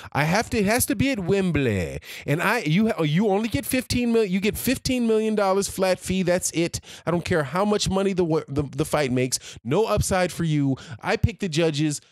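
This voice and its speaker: A man's voice: high-pitched, lively intonation, moderate pace, hardly any pauses, no echo, pitched above the performer's own voice. A man putting on the voice of a pompous male boxer listing his spoiled demands in a smug, mocking tone.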